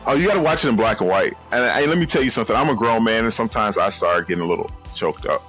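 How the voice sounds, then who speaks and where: A man chatting excitedly about a film on a podcast, restarting his sentences as he goes. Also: fairly low pitch, soft background music. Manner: animated, excitable, halting restarts. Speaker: podcast co-host. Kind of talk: casual movie chat.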